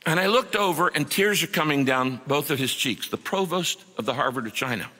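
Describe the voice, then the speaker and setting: Man, middle-aged, preacher, earnest storyteller, sharp bright tone, long hall reverb. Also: a little high, expressive, brisk. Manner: earnest, dramatic storytelling with acted quotes. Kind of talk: sermon storytelling.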